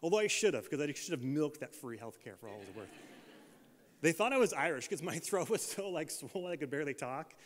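A man's voice: a little high, sing-song, a little fast. An American man preaching a sermon, telling a funny travel story with self-deprecating humor before turning to scripture. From United States. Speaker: pastor. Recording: long reverb of a large hall.

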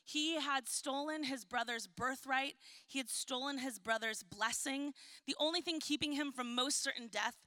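A woman pastor delivers a sermon in a high, bright voice. The sound is close and dry. She tells stories with humor and reads scripture in a soft, slow tone. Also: no room sound. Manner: storytelling with laughs and acted-out quotes; reads scripture softly and slowly.

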